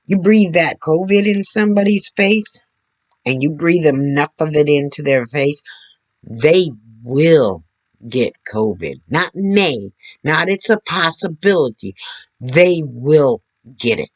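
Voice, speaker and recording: A woman talking slowly and earnestly to her camera, demonstrating as she explains, sitting several feet back from her computer mic. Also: low voice, lively intonation, muffled recording. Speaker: vlogger. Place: indoor room at a computer. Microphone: computer mic several feet away.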